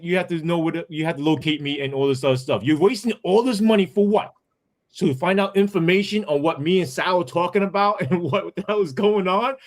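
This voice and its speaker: Ny guy ranting on a podcast, heated and sweary, kinda high voice. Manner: heated, profane, full of repeated asides. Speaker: podcast guest, former police sergeant. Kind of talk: emphatic podcast storytelling.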